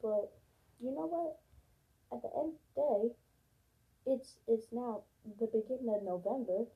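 Young woman ranting to camera, raspy gravelly voice, kinda high, tinny phone-ish sound. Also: lively intonation, measured pace. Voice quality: gravelly, husky. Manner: blunt, profane, emphatic repetition. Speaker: vlogger. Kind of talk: casual ranting monologue. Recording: lo-fi phone-like audio.

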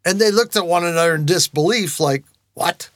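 A middle-aged male pastor telling a story in a sermon, acting out voices and shouting lines for effect. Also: sits high, quick pace, no room sound. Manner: animated storyteller, acts out his kids' chants and shouts.

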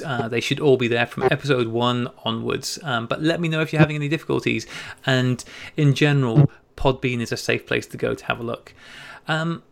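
Gravelly English man, chatty co-host. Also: mid-range voice. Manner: chatty, easy laughs, quick asides. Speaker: podcast co-host. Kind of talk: casual podcast chat, reading listener emails.

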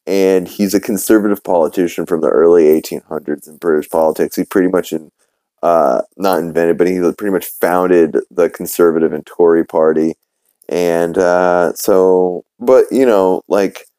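Low-voiced man rambling through a recap. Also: warm tone, dry recording. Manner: rambling, filler-heavy, swears casually. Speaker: podcast host. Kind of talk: casual episode recap.

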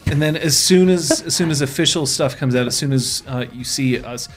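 A man's voice: on the high side, moderate pace, soft background music. A man hosting a tabletop stream, chatting casually with many fillers and restarts. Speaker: game master and stream host. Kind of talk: casual announcement chat.

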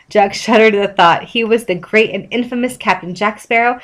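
A woman reading fan fiction aloud with brisk, amused narration. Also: fairly high pitch, a bit bright. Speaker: reader.

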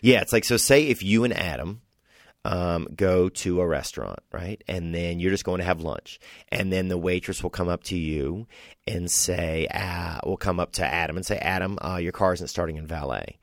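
Young comedian guy from louisiana, deep voice, rambly storytelling, dry close sound. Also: moderate pace, creaky, dry recording. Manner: rambling, storytelling, animated voices for quoted people. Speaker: comedian guest. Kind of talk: casual podcast chat.

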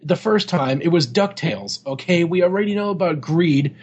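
Husky joking podcast man. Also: fairly high pitch, normal speed. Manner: jokey, swearing, laughing often. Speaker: podcast co-host. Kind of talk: casual chat reviewing an old game magazine.

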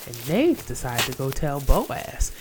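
Woman comic storyteller, low and mellow, slangy, faint noise behind. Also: a little slow. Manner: casual, slangy, animated, putting on voices.

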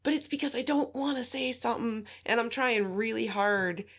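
A woman's voice: a little high, moderate pace. A woman host and fellow mother, talking frankly and reflectively in a casual chat, laughing easily.

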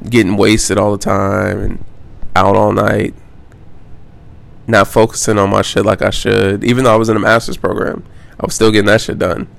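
A man's voice: lowish voice, vocal fry. A man hosting a solo podcast, talking in a loose, rambling way with lots of fillers, restarts and casual swearing. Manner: rambling, loose, frequent fillers and self-corrections. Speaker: podcast host.

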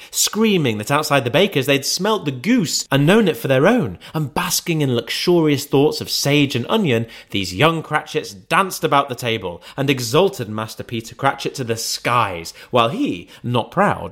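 Man reading an old christmas-style story, really expressive, lots of ups and downs. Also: mid-range voice. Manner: expressive, theatrical. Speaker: narrator.

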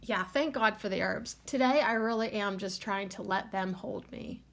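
A woman's voice: mid-range voice, moderate pace, creaky. A woman hosting her own podcast in a casual, rambling monologue, full of "like" fillers, tearful and trying not to cry. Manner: rambling, lots of "like" fillers, emotional. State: tearful, holding back crying. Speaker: podcast host.

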